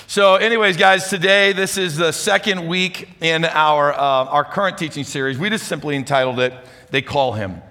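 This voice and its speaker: A man preaching a sermon as pastor, chatty and energetic, speaking to a congregation. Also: mid-range voice. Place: church hall with audience. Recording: reverberant church hall.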